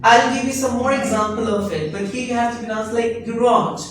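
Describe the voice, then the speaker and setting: A man's voice: very high-pitched, fairly even intonation, a bit bright. Man, pronunciation teacher, patient repetition, very echoey room, distant mic, faint background noise. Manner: repeats words slowly and patiently, calls students beta. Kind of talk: classroom pronunciation drill. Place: classroom. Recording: echoey classroom recorded from a distance.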